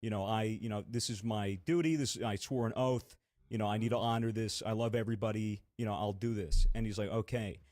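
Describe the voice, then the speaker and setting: A man's voice: fairly low pitch, fairly quick, a little mellow, dry recording. Casual young man telling a story. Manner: rambling, swears casually, many fillers. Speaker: podcast co-host.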